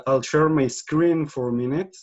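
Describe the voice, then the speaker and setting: A man's voice: on the high side, moderate pace. A man from Israel with an Israeli accent, giving a webinar presentation with many fillers and restarts, speaking over a computer mic on a video call. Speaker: guest presenter.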